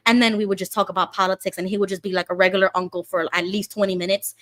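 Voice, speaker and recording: A woman hosting a casual livestream chat, telling stories in an animated way and acting out quoted speech. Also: medium pitch, quick pace, hardly any pauses, no echo. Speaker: host.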